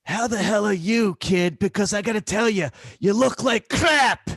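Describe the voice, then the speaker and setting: A woman's voice: mid-range voice, moderate pace, dry recording, studio quality, pitched above the performer's own voice, close to an everyday voice. A man voicing a feisty woman in her eighties, a blunt former dancer and cancer patient. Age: 80s. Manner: blunt, brassy, teasing.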